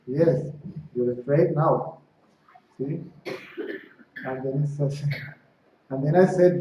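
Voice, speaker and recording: A spiritual teacher with a highish voice talks to a small satsang audience, unhurried and pausing often. He chats with listeners, repeatedly asking "right?" or "see?", and acts out conversations within his stories. The recording is lo-fi and dull, with faint noise and the echo of a distant room.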